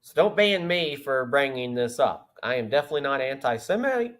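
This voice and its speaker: A man's voice: mid-range voice, big pitch swings, a little fast, fairly bright tone. A man hosting a political podcast, reading news aloud with sarcastic asides. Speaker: podcast host. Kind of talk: political commentary.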